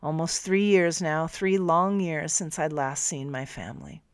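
Woman calmly narrating an audiobook. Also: low voice, smooth, no room sound, studio quality. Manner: calm, measured storytelling. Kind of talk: first-person audiobook narration.

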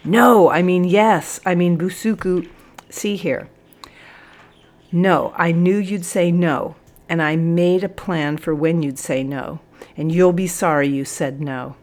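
A scheming young man in a storybook, pleading and groaning with a strained, raised voice, as a woman reads him out. He talks loudly and wheedles to get his way. The narrator's tone stays a little low underneath. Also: slow. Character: scheming young male yoga student, whiny and stubborn. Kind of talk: storybook reading.

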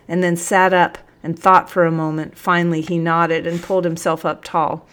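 A woman reading a storybook aloud in a steady, expressive narration. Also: lowish voice, normal speed, few pauses.

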